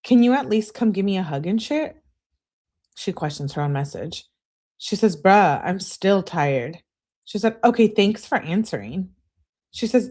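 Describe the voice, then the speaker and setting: A woman's voice: medium pitch, a little mellow. A woman hosting a live stream, reading text messages aloud and greeting her viewers between them. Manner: reads texts with "she says" tags, chats with viewers. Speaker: livestream host reading case texts.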